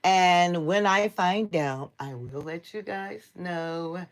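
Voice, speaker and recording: A woman's voice: on the low side, takes it slowly. Blunt, profane American woman livestreaming. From United States. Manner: chatty, speaks straight to her viewers. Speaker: livestream host. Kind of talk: casual livestream commentary.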